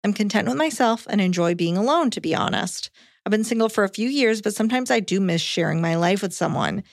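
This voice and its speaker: A woman co-hosting a podcast, reading a listener's letter aloud in a calm, even way. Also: medium pitch, a little fast, gravelly, no room sound, clean studio sound. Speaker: podcast co-host.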